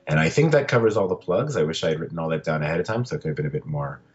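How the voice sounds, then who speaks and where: A man's voice: a bass voice, lively intonation, very fast, dull audio, faint music behind. A man hosting a podcast in a casual, rambling, laid-back way, often restarting his sentences. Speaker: podcast host.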